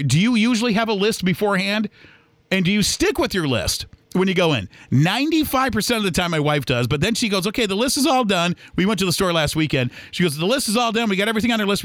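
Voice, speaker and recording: A man from Michigan, US hosts a solo podcast, chatting and rambling about everyday errands while acting out shoppers' voices. His voice sits high and a bit bright, recorded with no room sound.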